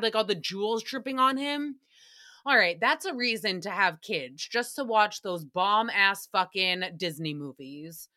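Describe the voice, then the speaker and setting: A woman's voice: mid-range voice, sharp tone. A woman in her thirties hosting a solo recap podcast, sarcastic, profane and rambling. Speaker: podcast host.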